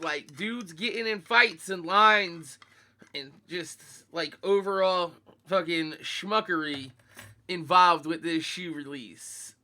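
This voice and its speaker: A young man, talking laid-back and profane in sneaker-head slang. His voice is high for a man and very bright and sharp, with a groggy morning roughness. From Philadelphia, USA. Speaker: sneaker vlogger. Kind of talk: casual chat to live viewers.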